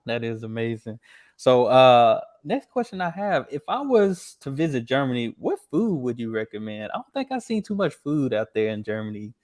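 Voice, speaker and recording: A young man from Texas hosts a laid-back interview in an American accent. His voice sits at an average pitch, and he talks in long, rambling runs, heaping on praise and often repeating himself. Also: big pitch swings, moderate pace, a little mellow. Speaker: podcast host. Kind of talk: casual interview chat.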